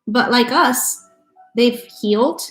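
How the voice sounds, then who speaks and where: Slow and a bit bright, her fairly high-pitched voice carries a casual tarot reading to viewers. She's blunt and swears constantly, and the room is echoey with faint music in the background.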